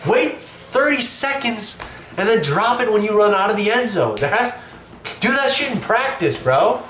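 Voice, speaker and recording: Young man, sick and coughing, blunt cursing sports rant, fairly high voice, echoey room. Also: normal speed. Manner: profane, blunt and animated. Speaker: show host. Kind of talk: casual sports opinion monologue. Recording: echoey room with faint noise.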